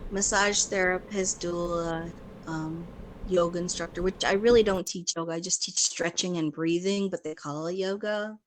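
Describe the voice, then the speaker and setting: A woman's voice: on the low side, fairly even intonation, normal speed, a little hiss or hum. A woman from Chicago chatting casually as a guest, rambling in a stream-of-consciousness way and laughing often. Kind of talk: casual chat.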